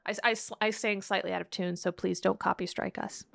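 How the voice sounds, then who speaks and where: A woman's voice: medium pitch, flat delivery, a little fast, creaky, a bit bright. A young woman co-hosting a gaming video, playful and jokey, asking questions as she watches. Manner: playful, jokey, asks questions, breaks into song. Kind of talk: casual let's play chat.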